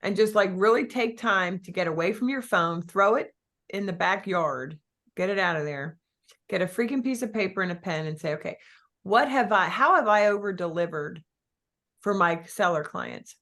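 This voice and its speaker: A woman coaching real estate agents in an energetic, chatty way, with many fillers and small restarts. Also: mid-range voice, normal speed. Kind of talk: coaching talk to an audience.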